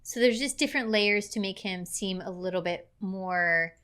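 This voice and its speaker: A woman's voice: mid-range voice, normal speed, bright, forceful tone, clear, resonant tone. A woman co-hosting a movie review in a casual, chatty way, often breaking into laughter. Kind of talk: casual chat.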